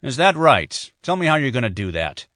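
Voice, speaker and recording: A man's voice: medium pitch, very animated, moderate pace, pushed and bright, no room sound, studio quality, voice pushed up. A man voicing a smug, sadistic male captor who talks in a mocking, taunting way.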